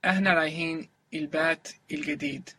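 A male language student answering drills with short phrases. His voice sits a bit high and sounds bright and husky, and he speaks very quickly. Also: animated.

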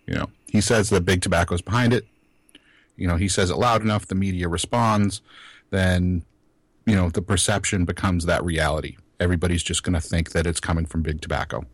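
A man co-hosts a casual talk radio podcast, calm and measured with a skeptical edge. His voice is very deep and husky. The recording is dry and close. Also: no echo. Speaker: co-host.

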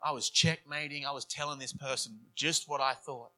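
A man's voice: mid-range voice, fairly even intonation, moderate pace, bright, forceful tone, soft background music. A man preaching a sermon in an earnest, conversational way, slipping into acted inner voices to make his points. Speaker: pastor.

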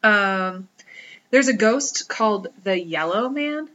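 A woman's voice: mid-range voice, animated, slow, a bit bright, dull audio. A woman co-hosting a podcast, telling ghost stories in a wry, joking, casual way. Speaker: podcast co-host. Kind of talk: casual chat.

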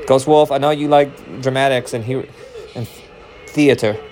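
A man casually commenting on a baseball game as he watches, rambling, joking and swearing, with sudden excited outbursts. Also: medium pitch, moderate pace, faint music behind. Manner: rambling, profane, jokey, prone to excited outbursts. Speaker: baseball watch-along streamer.

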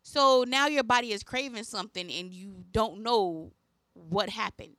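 A woman's voice: mid-range voice, unhurried, a bit bright, no echo. A woman co-hosting a podcast in casual chat, musing through her point. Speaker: podcast co-host.

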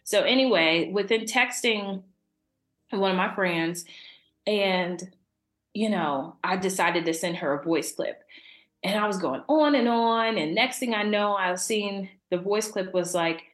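A young adult woman, a podcast guest, talking casually and warmly about faith and laughing often. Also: mid-range voice, a little slow, roomy sound. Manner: warm, chatty, laughs often.

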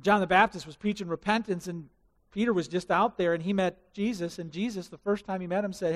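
A man preaching a sermon as pastor, telling the story in an animated way and asking the congregation questions. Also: high-pitched, brisk, long reverb tail.

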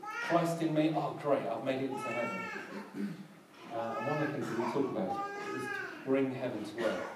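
A man's voice: medium pitch, huge pitch swings, moderate pace. A man preaching a sermon as pastor, hesitant with many ums and restarts, recorded in a church hall. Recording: echoey hall from far off, background noise.

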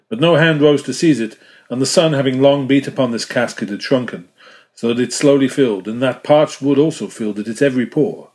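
A man reading a classic novel aloud as an audiobook narrator, measured and dropping softly at the ends of phrases. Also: mid-range voice. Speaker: audiobook reader.

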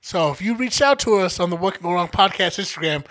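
A young man co-hosting a podcast, telling a story in casual chat, profane and animated. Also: high voice, fast. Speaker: podcast co-host.

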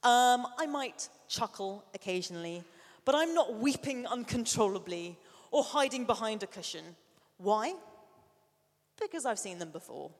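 A middle-aged woman preaching a sermon, an animated storyteller who sometimes drops to a soft near-whisper. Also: a little high, normal speed. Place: church hall. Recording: long reverb of a large hall.

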